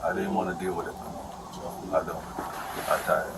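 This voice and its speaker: A man's voice: low voice, little pitch movement, moderate pace, noisy background. A man rambling in an aggrieved, repetitive way as he complains to an officer about a domestic dispute. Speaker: husband explaining a domestic dispute. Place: indoors at a house.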